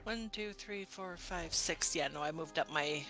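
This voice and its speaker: A woman playing in a tabletop game, soft-spoken and hesitant, muttering to herself. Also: lowish voice, a little slow, gravelly, soft background music. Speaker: player. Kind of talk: casual tabletop play.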